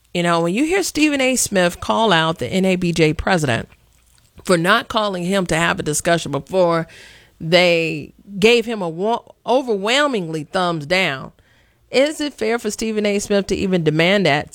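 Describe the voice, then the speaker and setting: A sassy, blunt woman hosting a call-in radio show, speaking. Her voice is dry and close on the studio mic, with an ordinary mid pitch. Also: a bit bright, no room sound. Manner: sassy, blunt, presses callers hard. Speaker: radio talk show host.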